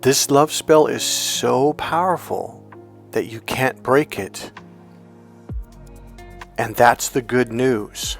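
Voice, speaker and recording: A man's voice: medium pitch, slow, creaky, long pauses. Emphatic male coach with faint music. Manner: emphatic, animated, acts out quoted voices. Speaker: life and relationship coach. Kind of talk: motivational monologue to camera.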